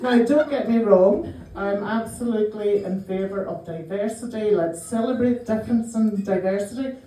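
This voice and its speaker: A Northern Irish woman in her fifties performing a stand-up set, telling self-mocking stories with quick dry asides. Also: mid-range voice, mellow, slight background noise. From Northern Ireland. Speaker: stand-up comedian. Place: small comedy club. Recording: roomy live venue, mic heard from a distance.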